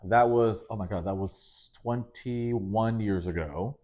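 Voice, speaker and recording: A man in his late thirties hosting a podcast, telling a personal story in a candid, expressive way with profanity, laughter and playful asides. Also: on the low side, slow. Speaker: podcast host.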